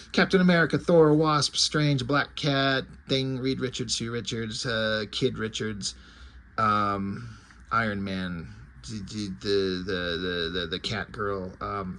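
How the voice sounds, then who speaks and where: A man's voice: mid-range voice, pushed and bright, a little hiss or hum. A man casually recapping a comic book story, rambling with asides along the way. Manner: rambling and conversational, with asides and fillers.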